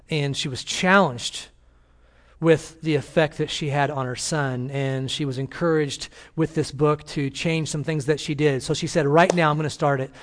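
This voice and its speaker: A man with a fairly high voice preaches to his congregation in a church, telling a story earnestly. He moves from gentle storytelling into emphatic calls to act. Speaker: senior pastor. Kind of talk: sermon.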